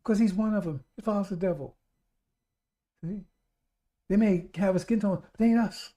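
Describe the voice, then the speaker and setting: A man's voice: high voice, moderate pace, dark tone. A man preaching a radio sermon, repeating himself emphatically and calling out to his brothers and sisters. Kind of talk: live-streamed radio sermon.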